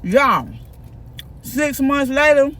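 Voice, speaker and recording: A man chatting in a casual storytime vlog, animated and gossipy, talking straight to his viewers. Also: extremely high pitch, extremely slow. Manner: animated, gossipy, keeps addressing viewers directly. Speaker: vlogger. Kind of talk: casual storytime while eating.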